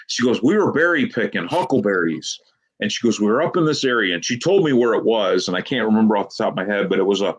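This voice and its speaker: A man being interviewed as a Bigfoot investigator, telling long rambling anecdotes and quoting people with "she goes.". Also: on the low side. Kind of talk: casual storytelling interview.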